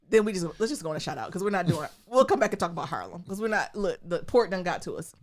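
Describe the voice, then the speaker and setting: Lively woman podcast co-host. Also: mid-range voice, a little fast. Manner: animated, laughing, slangy storytelling. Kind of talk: casual chat.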